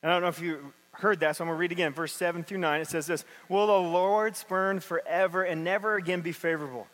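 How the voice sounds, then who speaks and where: A pastor with a high, bright, steady voice talks fast as he preaches in a church sanctuary, reading scripture and then discussing it in a relaxed, conversational way. The recording carries a long hall reverb.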